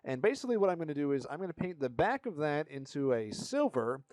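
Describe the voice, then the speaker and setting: Man, hobby vlog voice-over, joking, swears a bit, animated pitch, dry close sound. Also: fast talker, no echo. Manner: joking, swears, hollers playful asides. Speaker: model kit builder. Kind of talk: casual hobby vlog narration.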